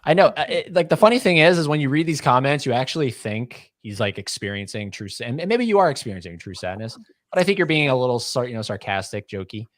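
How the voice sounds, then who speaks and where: A man's voice: mid-range voice, big pitch swings, fast talker, no echo, studio quality. A man in his thirties co-hosting a casual livestream, reading chat comments aloud and teasing with a rambling, joking manner. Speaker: podcast co-host.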